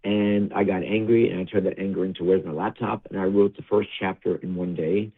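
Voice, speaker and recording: A man guest telling an emotional personal story, acting out his father's lines in a raised voice and dropping low and tearful on the sad parts. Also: fairly even intonation, a little fast, husky. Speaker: interview guest. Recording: tinny phone-like line.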